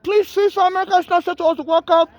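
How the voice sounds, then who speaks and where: Very high-pitched man pleading. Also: steady tone, racing, muffled recording. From Nigeria. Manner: rambling, pleading, repeats himself. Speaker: homeless man filming a plea. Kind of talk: urgent direct-to-camera plea.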